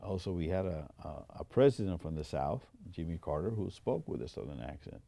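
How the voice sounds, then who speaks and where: Animated and a little fast, his low, gravelly voice has a dark tone and no echo. The older Air Force veteran, whose first language is Spanish and who has a Spanish accent, tells interview stories in a studio, quoting others and restarting many times.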